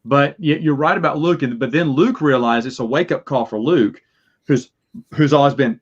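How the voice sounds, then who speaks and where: A man co-hosting a casual podcast at an everyday mid-range pitch. He tells the story animatedly, acting out his own reactions with sudden high yelps. The recording sounds a little muffled and lo-fi. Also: normal speed. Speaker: podcast co-host. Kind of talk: casual chat. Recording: slightly dull, lo-fi sound.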